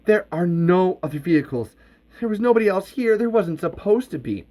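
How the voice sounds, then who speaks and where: A man's voice: high voice, expressive, fairly quick, warm tone, pitched above the performer's own voice. A man voicing an earnest young woman scientist who speaks in a worried, insistent way.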